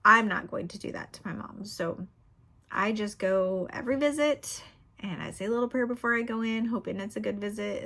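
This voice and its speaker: A middle-aged woman talking casually to her viewers at a middle pitch. She is candid and chatty and keeps her speech loose and personal, sprinkled with "you know". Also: a bit bright. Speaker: book vlogger. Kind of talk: casual vlog chat.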